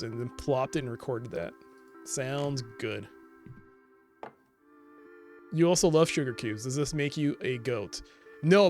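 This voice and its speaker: A man's voice: on the high side, darkish tone. A man casually commenting and joking while streaming an adventure game. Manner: playful, joking. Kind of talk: live let's play commentary.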